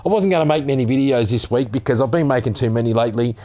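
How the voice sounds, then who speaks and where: A man's voice: mid-range voice, fast talker, warm tone. An Australian man ranting sarcastically as a vlogger, reading out a news article and swearing as he gets heated.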